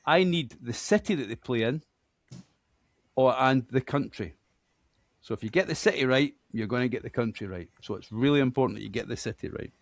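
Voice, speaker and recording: A man's voice: mid-range voice, dry recording. A man from Scotland with a Scottish accent, hosting a podcast quiz in a chatty, self-deprecating way. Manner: chatty, self-deprecating, reads names out slowly. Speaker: quiz host.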